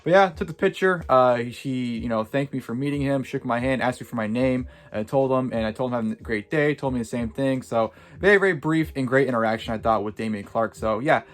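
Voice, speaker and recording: A man's voice: medium pitch, fairly quick, few pauses. A man vlogging, telling a story casually in a rambling way full of "like" and "uh".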